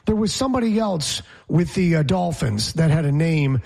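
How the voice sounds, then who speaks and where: A man's voice: a little high, expressive, moderate pace, creaky, darkish tone. A man co-hosting a sports talk show, chatting casually and quizzing his co-host with opinions. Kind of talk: casual sports radio chat.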